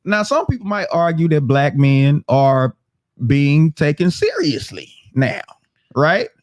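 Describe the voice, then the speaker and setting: Lively high-voiced man hosting a talk show. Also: slow pace, dry recording, clean studio sound. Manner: lively, reads viewer comments aloud, laughs often. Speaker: podcast host. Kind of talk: casual political talk show.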